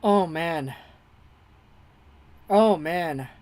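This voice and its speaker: An excitable amateur streamer calls a hockey game play by play in a breathless rush. The voice sits at an ordinary middle pitch. It is recorded close and dry, with no room sound. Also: very slow, no echo. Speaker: hockey livestream host.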